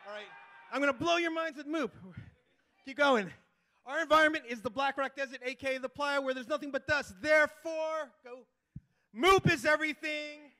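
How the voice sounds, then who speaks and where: A man presents at a conference in a very high, bright voice. He rallies the crowd with chanted call-and-response and fires off quick asides. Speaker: playa restoration manager giving a conference talk. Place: conference hall before a live audience.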